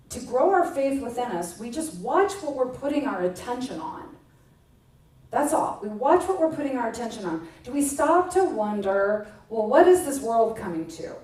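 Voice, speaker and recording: A middle-aged woman minister preaches in a relaxed, chatty way, poking fun at herself. Her voice sits a little high yet sounds mellow and warm. She is heard from a distance in a very echoey church hall. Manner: chatty and self-mocking, with playful acted-out quotes. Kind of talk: casual conversational sermon. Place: church sanctuary.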